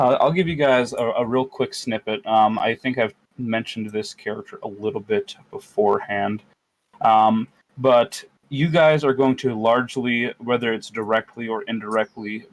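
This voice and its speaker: A man's voice: on the low side, normal speed, rough recording. A man co-hosting a podcast as game master, chatting casually, rambling and joking with plenty of fillers. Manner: rambling, jokey, lots of fillers.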